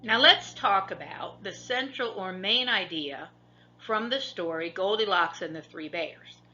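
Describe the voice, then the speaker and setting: A woman librarian reading a children's story aloud in an expressive, sing-song storytelling way. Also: mid-range voice, a little slow. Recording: dull lo-fi recording.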